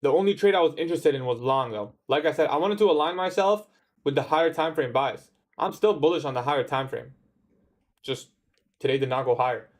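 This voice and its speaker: A man's voice: fairly high pitch, a little fast. Young man, livestream trader, casual chat, laid-back, answers chat. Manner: laid-back, says "bro" often, talks back to chat. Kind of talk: casual livestream chat reading viewer comments.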